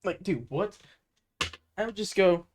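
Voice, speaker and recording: A man streaming and reacting casually, talking in an excitable, rambling way full of fillers. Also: high-pitched, unhurried. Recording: noisy home mic.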